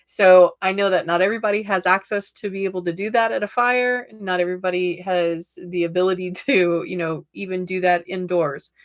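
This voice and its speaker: A woman's voice: fairly low pitch, steady tone, a little fast, hardly any pauses. A woman in her forties hosting a casual live stream and reading tarot cards, chatty and laughing often as she talks to her viewers. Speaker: host.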